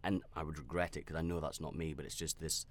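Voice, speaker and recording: A man with a very deep voice tells a personal story on his own podcast. He talks candidly and reflectively, often restarting his sentences and filling pauses as he rambles. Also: fairly even intonation. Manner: reflective and self-aware. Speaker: podcast host.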